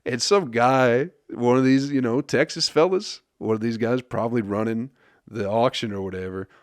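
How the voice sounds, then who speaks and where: A man hosts his podcast in a casual comedic monologue, swearing freely and rambling from one bit to the next. His voice sits at an ordinary middle pitch. The sound is close and dry, with no room around it. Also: moderate pace, dry recording. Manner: profane, rambling, laughs at his own jokes. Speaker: podcast host.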